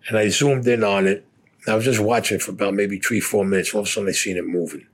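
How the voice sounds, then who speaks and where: Older male veteran, blunt and profane, husky low voice, faint music under. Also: fairly even intonation, fast talker. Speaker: war veteran interviewee. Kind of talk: recounting war stories.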